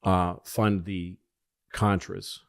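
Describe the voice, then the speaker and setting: A man's voice: low voice, flat delivery, extremely slow, gravelly. A man telling casual, rambling, profane stories and often correcting himself. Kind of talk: casual comedic storytelling.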